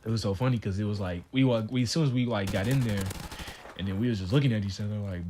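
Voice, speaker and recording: A man's voice: lowish voice, animated, fairly quick, pauses often, a little mellow, a little hiss or hum. A young man casually telling a story on his channel, in a laid-back, slangy way. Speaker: channel host. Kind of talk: storytime vlog.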